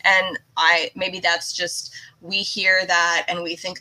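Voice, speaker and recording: A middle-aged American woman with a Californian accent, hosting an interview podcast in a chatty, animated way, full of quick asides. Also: lowish voice, low-quality recording. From United States. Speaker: podcast host. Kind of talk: casual interview chat.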